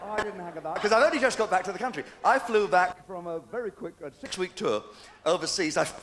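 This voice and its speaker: A man's voice: sits high, animated, fast, big-room sound. Older English man telling cheeky jokes. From England. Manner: cheeky, chatty joke-telling with chuckles. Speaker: stand-up comedian. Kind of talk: stand-up comedy routine. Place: theatre stage with a live audience. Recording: noisy 1990s VHS stage recording.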